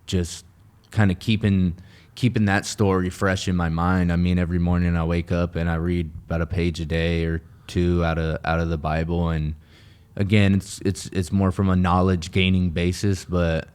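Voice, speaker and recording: In a relaxed interview, a guest with a very low voice tells his recovery story at normal speed in a clean tone. Earnest and rambling, he circles back on his words, restarts sentences and leans on fillers.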